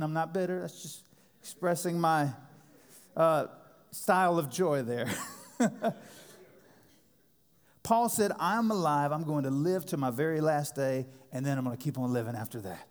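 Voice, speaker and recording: A man in his thirties preaching a sermon as pastor, impassioned, swinging between loud emphasis and quiet intensity. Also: a little high, lively intonation, a little slow, pauses often. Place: church sanctuary. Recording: long hall reverb.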